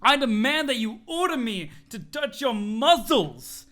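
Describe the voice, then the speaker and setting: A brash, muscle-proud young guy, as a male reader puts him on bellows for attention in a high, swooping, bright voice. He commands and brags nonstop and chokes back his own swearing mid-word. It sounds like a storybook reading done with gusto. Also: very animated, measured pace, full character voice. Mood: demanding. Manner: bellowing, bossy, swallows his own curse words. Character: boastful muscle-obsessed young man, loud and pushy.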